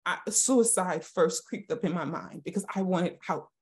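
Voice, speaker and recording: A woman with a notably low voice shares her personal story as a podcast guest. She speaks haltingly and emotionally, often restarting her sentences.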